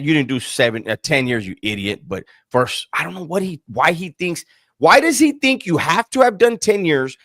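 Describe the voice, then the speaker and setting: A man's voice: high voice, no echo, studio quality. A man hosting a live-stream talk, swearing often and mocking the person he talks about. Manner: profane, mocking, animated. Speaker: host. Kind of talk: casual live-stream chat.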